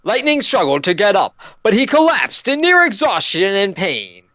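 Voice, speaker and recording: High, animated, sarcastic male narrator. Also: normal speed, dry recording. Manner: sarcastic asides while narrating. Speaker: narrator and host. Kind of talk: comedic dramatic reading.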